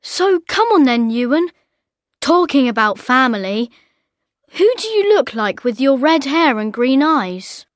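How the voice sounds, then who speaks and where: A woman's voice: high voice, sing-song, a little slow, no room sound. A woman asking curious follow-up questions in a scripted language-course dialogue. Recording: dry studio recording.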